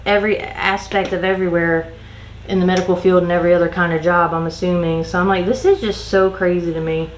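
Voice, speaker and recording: A woman's voice: mid-range voice, reverberant, a little hiss or hum, poor audio. A woman makeup vlogger chatting casually while doing her makeup, ranting in an exasperated way and swearing casually.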